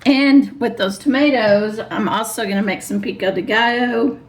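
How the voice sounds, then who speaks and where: A woman vlogger, chatting casually and rambling through her plans, her voice a bit hoarse. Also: a little high, normal speed. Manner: chatty, rambling, laughs often. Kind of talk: casual chat. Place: truck camper.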